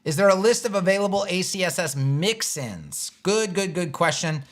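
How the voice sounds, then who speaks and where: A man's voice: high voice, sing-song, normal speed. A man hosting a live web design stream, answering chat questions in a rambling, exasperated, joking way. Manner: rambling, exasperated, restarts and wry jabs. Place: home studio, seated in a chair.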